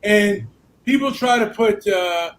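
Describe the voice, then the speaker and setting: A man ranting in casual video chat, rambling with halting repetitions and frequent swearing. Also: sits high. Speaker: host. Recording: echoey room.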